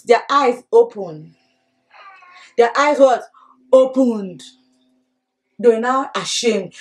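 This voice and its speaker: A woman teaching a children's Bible lesson with animated call-and-response and lots of repetition. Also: fairly high pitch, low-quality recording.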